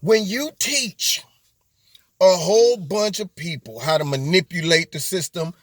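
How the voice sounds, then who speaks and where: A man's voice: high voice, a little slow, no room sound. A man hosting a political commentary monologue, mocking and emphatic, with rambling asides. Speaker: host of a political commentary channel.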